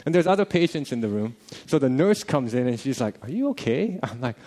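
Young man, middle-pitched voice, casual testimony; animated, acts out the quotes, chuckles now and then. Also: a little fast. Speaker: father telling a personal story.

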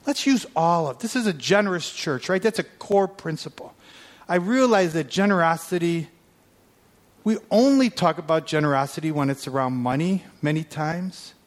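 High-voiced man preaching with animated storytelling. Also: normal speed. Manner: animated storyteller, acts out quoted prayers and calls. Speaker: guest preacher. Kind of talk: sermon storytelling.

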